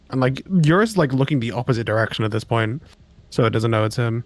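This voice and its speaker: A man's voice: medium pitch, quick pace. A man playing a tabletop game, casually talking through his plans. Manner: planning aloud, casual. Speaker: player.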